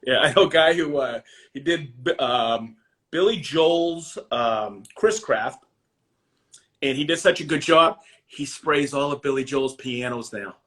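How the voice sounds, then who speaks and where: A man's voice: medium pitch, measured pace, a bit bright. A middle-aged man with a Maine accent, chatting casually as a guest, rambling with many fillers and frequent laughs. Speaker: guest, finisher. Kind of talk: casual chat.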